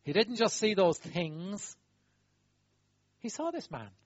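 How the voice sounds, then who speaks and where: A man preaching a sermon, talking emphatically and swinging between loud exclaiming and quiet asides. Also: high-pitched, very animated, slow. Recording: dull lo-fi dry recording.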